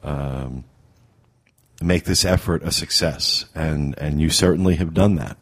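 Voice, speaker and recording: A man hosting a podcast, speaking in a halting way full of fillers and restarts. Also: a bass voice. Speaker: podcast host. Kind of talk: casual podcast talk.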